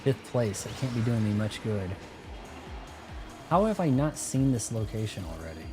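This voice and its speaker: A man's voice: lowish voice, big pitch swings, normal speed. Joking man streaming a game. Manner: rambling, joking asides while playing. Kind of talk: live gameplay commentary. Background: game music.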